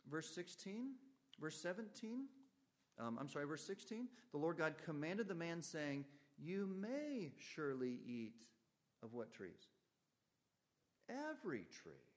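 A man preaching a sermon, reading aloud from scripture and explaining it with strong swings in pitch and loudness. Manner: emphatic, rises and falls sharply in pitch and volume.

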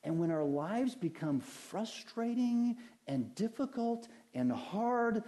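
A pastor preaching a sermon in a conversational way, mixing scripture with homely stories and rhetorical questions. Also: male voice, high voice, very animated, slow, mellow.

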